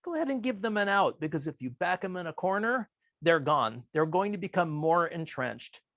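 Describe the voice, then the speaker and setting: A man giving a talk on persuasion, speaking in a calm, measured way and acting out quoted remarks with changes in pitch. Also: dry recording, clean studio sound. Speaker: workshop presenter. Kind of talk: presentation on persuasive communication.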